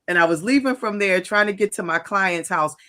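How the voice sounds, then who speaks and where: A woman co-hosting a talk show, telling a story in a lively way with frequent laughter. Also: mid-range voice, fairly quick. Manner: animated storyteller, laughs often. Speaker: co-host. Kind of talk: casual chat.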